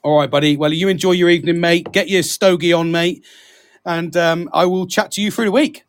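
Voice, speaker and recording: A man's voice: fairly high pitch, steady tone, a little fast, dry recording, clean studio sound. A British man hosting a casual podcast, chatty, laughing often and calling his co-host mate. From Britain.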